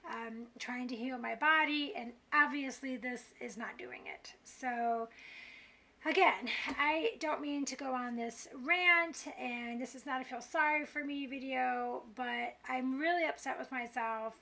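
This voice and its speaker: A woman's voice: high voice, creaky, pushed and bright. A middle-aged woman talking candidly to camera in a confessional vlog, frustrated and self-critical as she rambles. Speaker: vlogger.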